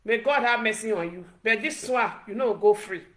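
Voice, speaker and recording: A woman's voice: on the high side, moderate pace, fairly bright tone. A middle-aged Nigerian woman vlogger scolding her critics in a repetitive, Pidgin-laced rant. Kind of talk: direct-to-camera rant.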